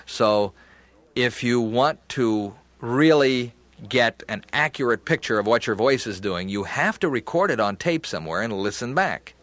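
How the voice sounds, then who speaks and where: A man's voice: mid-range voice, animated, a little slow, a bit bright, dry recording. A man giving practical, methodical advice on practicing voices with a recorder. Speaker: voice acting instructor. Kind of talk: instructional talk.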